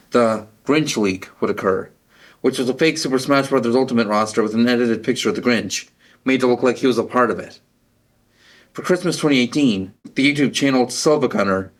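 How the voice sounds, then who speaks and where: A man with a mid-pitched voice runs through film trivia for a review show. His delivery is steady and matter-of-fact, with the odd stumble over a word. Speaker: film reviewer presenting a segment. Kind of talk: reading trivia, then giving casual opinions.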